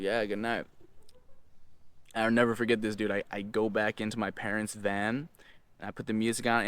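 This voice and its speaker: A young man telling a personal story casually, full of filler words and slang, swinging between low mumbled asides and loud excited outbursts. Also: clear, resonant tone, dry recording. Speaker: host.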